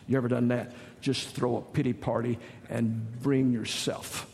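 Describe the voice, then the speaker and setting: Pastor, joking storyteller, hall reverb. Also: male voice, mid-range voice, level tone, measured pace, creaky, hardly any pauses, darkish tone, a little hiss or hum. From Southern United States. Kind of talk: sermon. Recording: long reverb of a large hall.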